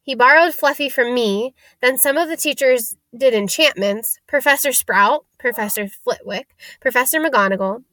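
A woman's voice: a little high, moderate pace, hardly any pauses, sharp tone, no echo. A woman reading aloud, voicing a big, friendly, secretive male groundskeeper with folksy, clipped speech. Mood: chatty.

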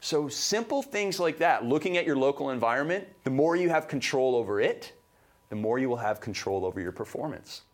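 High-energy motivational man from Canada. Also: expressive, brisk. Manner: high-energy, emphatic, fired-up delivery. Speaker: podcast co-host. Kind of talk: motivational podcast talk.

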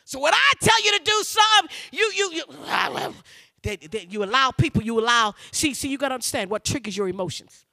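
A middle-aged man preaching a sermon in church, shouting and urging the congregation to repeat after him, repeating words in a fervent cadence. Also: extremely high pitch, very animated, fairly quick, gravelly. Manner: shouting, urging call-and-response.

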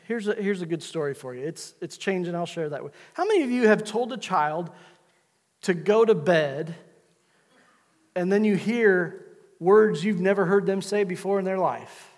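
High-voiced man preaching in a reverberant church. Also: animated, normal speed. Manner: preaching, repetitive exhortations. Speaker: pastor. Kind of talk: sermon. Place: church sanctuary.

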